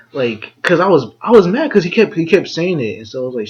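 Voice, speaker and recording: Young guy on a podcast rambling through a school story, lots of "like", muffled lo-fi audio. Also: fairly quick. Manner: animated storyteller, many "like"s, acts out quotes. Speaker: podcast co-host. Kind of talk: casual chat, storytelling. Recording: dull low-quality audio.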